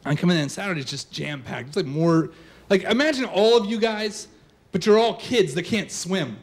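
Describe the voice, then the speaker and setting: A young man telling a personal story on stage before a live audience, casual and animated, full of "like" fillers. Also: high voice, moderate pace.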